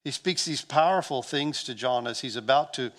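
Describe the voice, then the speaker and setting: A man delivering a sermon in an earnest preaching voice of middle pitch. He swells to loud, pressing passages and drops back to soft, intimate ones. He often stumbles and repeats words as he builds. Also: normal speed. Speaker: pastor.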